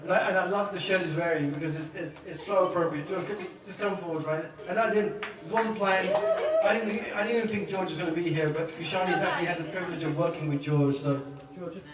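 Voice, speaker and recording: A man's voice: high voice, fairly even intonation, fast talker, a crowd in the background. A man emceeing speeches at a home party, rambling and self-mocking with lots of fillers. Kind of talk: casual speech introducing speakers. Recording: roomy, distant, faint noise.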